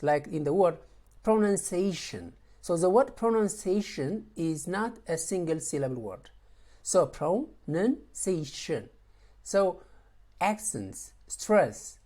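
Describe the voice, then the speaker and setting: A woman teaches a college English lesson in a mellow, slightly breathy voice. Her delivery swings through a wide, lively melody. She works through each point slowly, repeating words and restarting phrases as she explains. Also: fairly low pitch. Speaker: lecturer.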